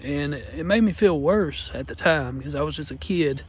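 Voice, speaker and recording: A man's voice: fairly high pitch, moderate pace, husky. A man in his thirties telling a heartfelt personal testimony in an earnest, rambling way. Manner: earnest, rambling, Southern-style phrasing. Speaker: vlogger sharing personal testimony.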